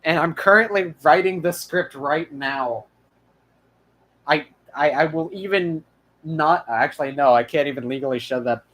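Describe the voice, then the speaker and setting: A young man with a high-pitched voice chats loosely to close out his channel's episode. He rambles, restarts his sentences and fills the gaps with ums and uhs. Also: normal speed, a bit bright. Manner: rambling, full of restarts and fillers. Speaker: channel host. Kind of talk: casual outro chat.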